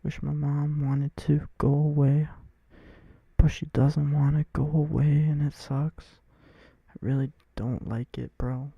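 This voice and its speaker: A man's voice: fairly high pitch, level tone, slow pace, gravelly, husky, no echo, dull audio. A man livestreaming a game, muttering, whispering and grumbling complaints as he plays. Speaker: gaming livestreamer. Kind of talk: casual stream talk.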